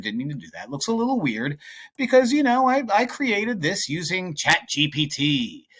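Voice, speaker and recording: A man's voice: mid-range voice, fairly bright tone. A man teaching as a math tutor, talking through test problems in a chatty, playful way with jokey asides. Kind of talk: casual tutoring walkthrough.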